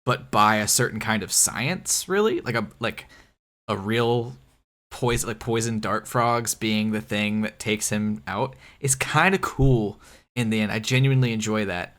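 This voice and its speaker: Laid-back joking man on a podcast. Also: a little slow. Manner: laid-back, joking, drops low and quiet for asides. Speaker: podcast co-host. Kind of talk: casual film discussion.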